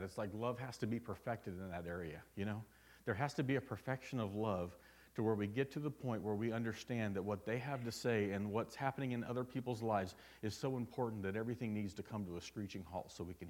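Man, pastor, sermon, church service, earnest, conversational, fairly low voice. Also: fast, darkish tone.

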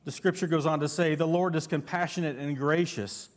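A man's voice: a little high, fairly even intonation, fairly quick. A man preaching a sermon as pastor, fervent and constantly asking his congregation questions.

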